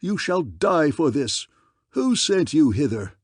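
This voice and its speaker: A man's voice: high voice, sing-song, normal speed, dry recording, clean studio sound, pitched above the performer's own voice. A man voicing a cruel, diseased old male leper king who screams in rage and pleads when threatened. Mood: furious.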